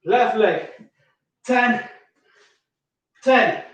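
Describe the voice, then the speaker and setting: Winded workout coach guy, high voice, calling reps from far off in a super echoey gym. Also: drawn-out words, a bit bright. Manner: counts reps aloud and calls out each movement. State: out of breath. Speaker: fitness coach. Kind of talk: workout follow-along counting reps. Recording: echoey room, far from mic.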